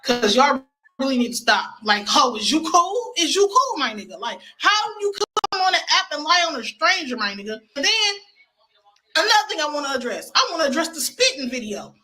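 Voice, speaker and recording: A woman's voice: high-pitched, very animated, fairly quick, pushed and bright, low-quality recording. A woman on a livestream ranting defensively against rumors, indignant and full of cursing. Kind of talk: profane livestream rant.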